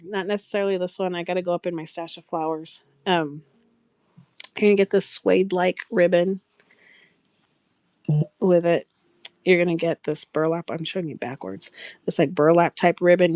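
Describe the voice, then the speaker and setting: A woman's voice: lowish voice, darkish tone, dry recording. A woman hosting a live craft sales stream, chatting casually, rambling and laughing often as she greets viewers by name. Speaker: craft seller and live show host.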